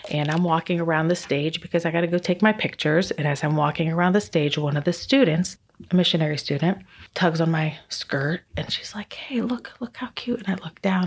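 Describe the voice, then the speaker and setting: A woman's voice: sits low, darkish tone, slightly rough. A middle-aged woman sharing a personal faith testimony in a chatty, emotional way, laughing often.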